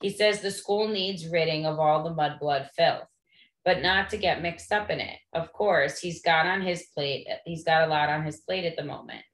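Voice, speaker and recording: Lady reading as a bragging snooty schoolboy, low voice, echoey room. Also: normal speed, close to an everyday voice. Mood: boastful. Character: sneering boy schoolmate, boastful.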